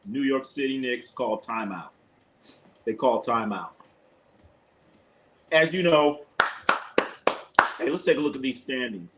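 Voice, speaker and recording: A man's voice: medium pitch, unhurried, long pauses, background noise. Blunt, profane man calling a game live. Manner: blunt, opinionated, profane, repeats himself. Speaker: live sports commentator, channel host. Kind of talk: casual live game commentary to a chat.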